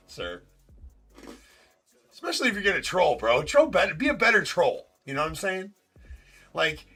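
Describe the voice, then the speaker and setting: Hosting a live card break stream, a man talks in a slightly high, husky voice that is pushed and bright. He teases people in the chat with casual, rambling banter, full of laughs and fillers.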